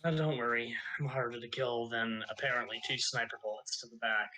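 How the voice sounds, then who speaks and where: A man's voice: medium pitch, steady tone, brisk, bright, forceful tone, slight background noise, voice pushed down, close to an everyday voice, low-quality recording. A man voicing a wounded, tough female pilot with wry, understated bravado.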